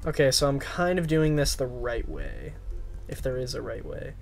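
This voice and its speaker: A man's voice: medium pitch, big pitch swings, moderate pace, creaky, faint music behind. A young man chatting casually while playing a block-building game with a friend, joking and slipping into silly voices. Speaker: gaming channel host. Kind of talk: casual let's-play chat.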